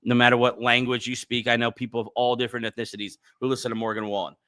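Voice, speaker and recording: A man's voice: mid-range voice, little pitch movement, fast, fairly bright tone. A man hosting a casual livestream podcast, chatting in a rambling way with lots of fillers and restarts. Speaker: podcast host.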